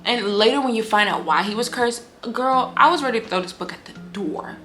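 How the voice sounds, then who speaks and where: A woman giving a casual book review on her vlog, talking in an animated, candid way, swearing freely and acting out lines from the story. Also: a little high, brisk, soft background music. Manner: animated, candid and profane, acts out quotes.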